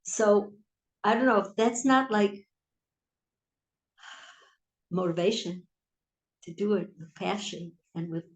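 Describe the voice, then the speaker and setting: A woman leading an informal Torah class, telling stories and swinging between soft asides and emphatic lines. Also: medium pitch, slow, pauses often. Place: historic synagogue hall. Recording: echoey room.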